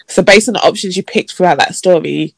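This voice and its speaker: A podcast co-host with a breathy edge and vocal fry talks a little fast as she chats and tells stories. She acts out messages in a mocking high voice, and the recording is dry.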